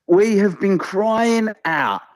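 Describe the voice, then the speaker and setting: Fan guy calling in, buzzing and sweary, a bit high voice, dry close sound. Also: animated, slow, no room sound. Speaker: phone-in fan caller. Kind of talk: excited football chat. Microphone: phone call.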